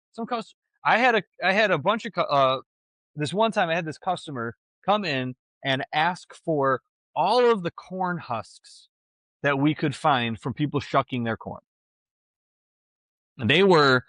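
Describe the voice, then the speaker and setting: Man, casual podcast chat, animated, voices people he quotes, dry close sound. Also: no echo. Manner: animated storyteller, jumps pitch when quoting people. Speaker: podcast co-host.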